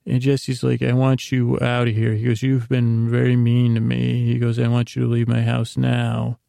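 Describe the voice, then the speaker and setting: A man's voice: medium pitch, monotone, moderate pace, vocal fry, dark tone, dry recording, studio quality. A man hosting a sleep podcast, casually rambling through a show recap with many fillers and restarts.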